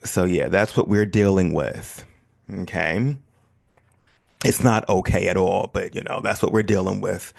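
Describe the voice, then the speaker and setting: A man from the United States hosting his own podcast in a relaxed, chatty, self-deprecating way. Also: sits low, a little slow, gravelly. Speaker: podcast host. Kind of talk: casual solo podcast chat.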